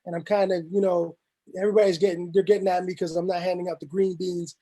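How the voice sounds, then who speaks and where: A man's voice: high voice, little pitch movement, fast, mellow. A man in casual chat, telling stories animatedly, acting out quotes and swearing freely. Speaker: podcast guest, room moderator.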